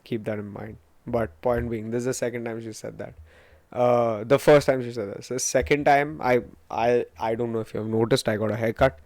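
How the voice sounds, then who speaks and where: A man in his twenties with an Indian English accent hosts his own podcast, rambling through stories with plenty of swearing and a self-mocking streak. His voice sits at a middle pitch. The recording is dry and close, with no room sound. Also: fairly even intonation, brisk, gravelly, a little mellow, no room sound. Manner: rambling, profane, self-mocking storytelling with Hindi asides. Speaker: podcast host. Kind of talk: casual solo podcast monologue.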